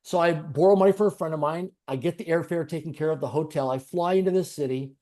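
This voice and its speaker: A man's voice: fairly high pitch, fast talker, dark tone. A man being interviewed, earnestly telling a personal story in conversation with repetitive, piled-up phrasing. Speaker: interview guest.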